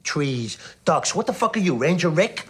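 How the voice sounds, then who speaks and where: A man's voice: on the high side, sing-song, normal speed, fairly bright tone, husky, full character voice. An actor playing a hot-tempered middle-aged mob boss who rants angrily at his therapist. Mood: furious. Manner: angry, profane, contemptuous. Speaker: patient in therapy.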